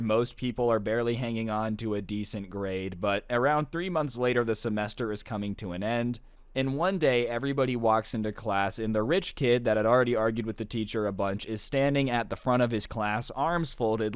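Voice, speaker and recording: Chatty, slangy storytime guy, clear voice. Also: mid-range voice, dry recording. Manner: animated, slangy, chatty asides. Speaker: storytime YouTuber. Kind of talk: casual storytime narration.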